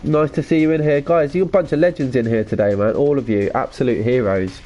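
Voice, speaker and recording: An excitable man chatting casually through a live game stream, jumping up in pitch when something grabs him. He talks to his viewers in a loose, rambling way. Faint music plays behind him. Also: brisk. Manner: chatty, excitable, reads viewer comments aloud. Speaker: gaming streamer.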